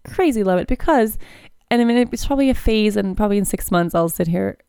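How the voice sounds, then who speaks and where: A woman's voice: mid-range voice, lively intonation, fast, mellow, clear, resonant tone, no echo, studio quality. A woman hosting a podcast, talking candidly in a casual, chatty way with lots of filler words. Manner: chatty and candid, with frequent "like" and "you know". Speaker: podcast host. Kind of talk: casual personal chat.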